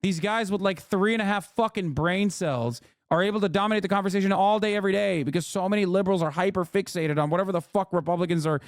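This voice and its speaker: A man's voice: sits high, fast, hardly any pauses, dry recording, clean studio sound. A man streamer giving heated political commentary, ranting with exasperation and heavy swearing. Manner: mocks others in put-on voices.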